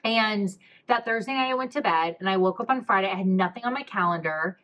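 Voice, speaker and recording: A young woman hosts a podcast, telling a personal story in a chatty, candid way, swearing freely and leaning heavily on "like." Her voice is medium-pitched and brisk, though the audio sounds dull.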